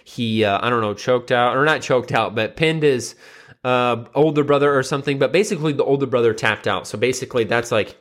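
A man's voice: mid-range voice, a little fast, fairly bright tone. A young adult man hosting a solo podcast, casually retelling a story with lots of uh and you know fillers. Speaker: podcast host.

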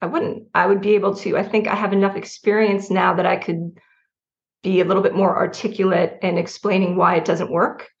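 A middle-aged woman from New Jersey speaks candidly as an interview guest, with a gravelly, fry-edged voice. She is animated, laughs between thoughts and restarts her sentences. The sound is slightly dull and muffled. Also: mid-range voice, brisk. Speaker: writer guest.

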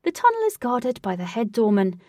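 A woman's voice: on the high side, wildly swooping pitch, brisk, warm tone, dry recording, clean studio sound, far from the mic. A woman voicing a commanding, scheming queen who speaks in a stately, formal way.

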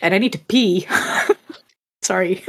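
A woman co-hosting a podcast over a call, talking loosely and giggling as she wanders off topic. Her voice sits at an ordinary middle pitch, and she keeps cutting herself off. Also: takes it slowly. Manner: rambling, self-interrupting, giggly. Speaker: podcast co-host. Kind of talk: casual chat. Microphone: remote call setup.

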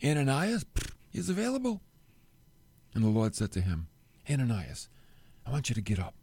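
Animated male preacher, lively pitch. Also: normal speed, husky. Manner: animated storytelling, acts out quotes. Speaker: pastor. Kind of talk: sermon.

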